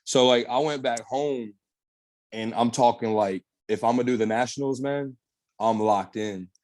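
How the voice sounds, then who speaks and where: A man's voice: mid-range voice, normal speed, dry recording. A young man, a bodybuilder guest on a podcast, telling stories casually and animatedly with lots of slang and swearing. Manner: animated storytelling, slangy, swears, says "bro" and "man" a lot. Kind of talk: casual storytelling interview.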